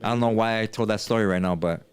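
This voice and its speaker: A man in his thirties hosting a podcast, telling a story in casual chat and acting out quotes with a higher voice. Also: fast talker, smooth, no echo. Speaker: podcast host.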